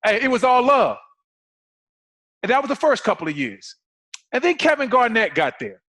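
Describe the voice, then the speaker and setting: A man co-hosting a podcast, chatting in a lively, slangy way and acting out old exchanges. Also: extremely high pitch, moderate pace. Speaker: podcast co-host. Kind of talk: casual interview chat.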